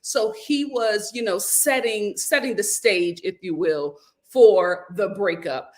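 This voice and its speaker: A woman hosting a casual vlog, recapping a reality show with animated, opinionated commentary and frequent laughter. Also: mid-range voice, slow.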